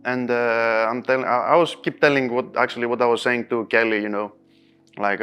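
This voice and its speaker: A man being interviewed as a pool player, telling a story in non-native English. He is animated, laughs often and acts out his own quotes. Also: medium pitch, fairly quick, smooth, faint music behind.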